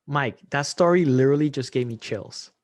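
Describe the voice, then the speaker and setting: A man hosts a podcast in an easygoing chat, mostly reacting with short replies and questions. His pitch sits in the middle range, and the recording is dry and close. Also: normal speed, dry recording. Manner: responsive, gives short reactions. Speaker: podcast host. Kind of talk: casual interview chat.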